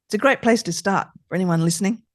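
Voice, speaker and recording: A middle-aged woman therapist talking as a podcast guest, expressive and emphatic, repeating her key points. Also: medium pitch, fast, no room sound, studio quality. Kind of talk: conversational podcast interview.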